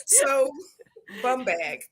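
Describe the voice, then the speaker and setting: A middle-aged woman guest in a casual live chat, telling stories in an animated, playful way. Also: high voice, extremely slow.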